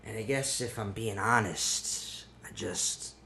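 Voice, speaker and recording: A man voicing a weary male soldier with a slight Southern accent, reading a quiet confession slowly and haltingly. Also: on the low side, creaky, slight background noise, full character voice. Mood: quiet, scared. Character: weary male soldier, done with war and scared.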